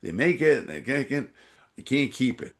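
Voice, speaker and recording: He's an energy awareness trainer from San Francisco appearing as a podcast guest, spinning rambling, filler-heavy stories and voicing the people in them. His medium-pitched voice is very animated at normal speed.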